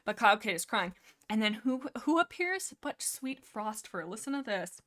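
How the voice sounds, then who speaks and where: A woman with a bright, ringing voice chatting loosely through a livestream book discussion. She giggles often, trails off and restarts her thoughts, and rambles with a playful, self-mocking ease. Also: a little high, sing-song, moderate pace. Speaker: livestream host.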